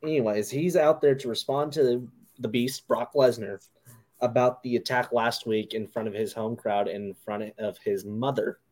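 A man's voice: mid-range voice, fairly even intonation, normal speed, a little mellow. Rambling male podcast host. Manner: rambling, loose, lots of fillers. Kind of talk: casual wrestling review chat.

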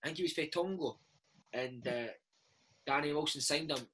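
A Scottish man in his thirties, a former footballer, telling lively anecdotes in a casual interview, calling the listener "mate" and "man". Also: fairly high pitch, normal speed, a little hiss or hum, low-quality recording.

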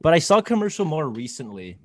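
A man's voice: fairly high pitch, big pitch swings, dry recording. A young man in casual chat, laid-back and full of "like"s. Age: young adult. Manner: fast, laid-back, many "like"s. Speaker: podcast co-host.

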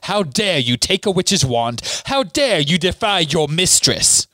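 A cruel witch who shrieks and mocks, her words drawn out and shrill, as a man reading a novel aloud puts her on. The sound is close and dry, with no room around it. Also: sing-song, normal speed, fairly bright tone, no echo. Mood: furious.

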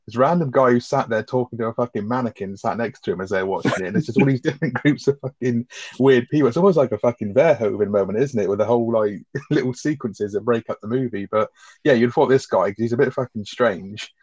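A man chatting fast and rambling about a film, swearing heavily and laughing. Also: mid-range voice, darkish tone, slightly rough, no echo, highs cut off. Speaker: film review podcast co-host. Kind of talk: casual chat, reacting to a film.

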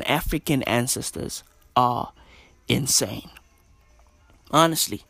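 Slow, hushed man ranting. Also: fairly high pitch, no echo. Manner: slangy, profane, repetitive rambling. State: speaking in a hushed half-whisper. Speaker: podcaster. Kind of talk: casual rant. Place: own bedroom at home.

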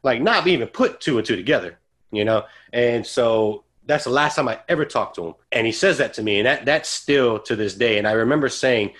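A man's voice: mid-range voice, fairly quick. A man co-hosting a podcast, telling a personal story in casual chat and acting out the lines of the people in it. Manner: animated storyteller who acts out quoted dialogue. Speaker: podcast co-host.

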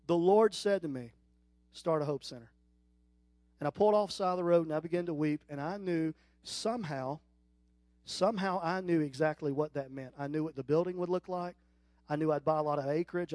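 A middle-aged man preaching with a high, bright-pitched voice, close and dry on the mic with little room sound. He tells his stories with growing energy and pushes up into loud, excited peaks. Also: no room sound. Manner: storytelling, rising to loud animated peaks. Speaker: guest preacher. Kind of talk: sermon.

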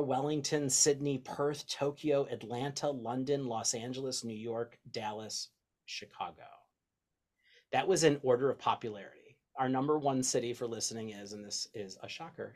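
A man hosting a casual podcast chat, excitable, swearing freely and reading out long lists. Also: medium pitch. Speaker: podcast host.

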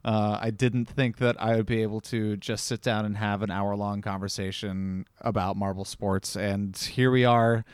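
A young man chatting casually as a podcast guest, relaxed and halting, with restarts. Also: lowish voice, clean tone, no echo. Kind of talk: casual chat.

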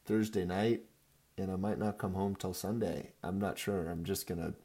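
A man's voice: low voice, steady tone, moderate pace, mellow, husky. A man in his thirties giving a rambling, profane, jokey recap of his fantasy football league to his friends. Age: 30s. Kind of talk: casual profane recap video.

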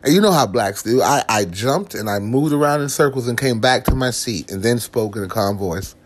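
A man's voice: mid-range voice, lively intonation, fairly quick, faint music behind. A man ranting to the camera in a profane comic vlog, with lots of swearing, restarts and asides. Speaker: vlogger.

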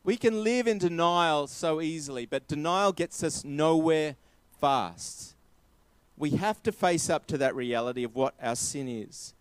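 A man delivering a sermon in a fairly high voice, driving each point home by repeating it. The sound is dry and close, with no room echo. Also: unhurried, clean tone. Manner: emphatic, repeating key phrases. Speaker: preacher.

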